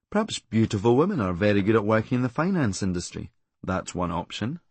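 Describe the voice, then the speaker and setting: A Scottish man reading his own comic memoir in a deadpan, darkly funny delivery. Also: on the low side, breathy edge, dry recording. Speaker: comedian narrating his memoir.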